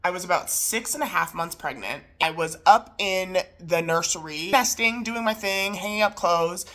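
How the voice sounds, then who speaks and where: A woman in her mid-thirties telling a casual storytime, animated and incredulous as she acts out the people in it. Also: fairly low pitch, moderate pace. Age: 30s. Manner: animated, incredulous retelling with quoted voices.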